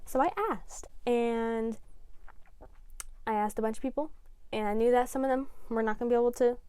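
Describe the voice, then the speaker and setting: A woman's voice: a little high, steady tone, normal speed, a little mellow, smooth, no room sound. A young adult woman vlogging casually, rambling and emotional with lots of fillers. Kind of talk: casual vlog chat.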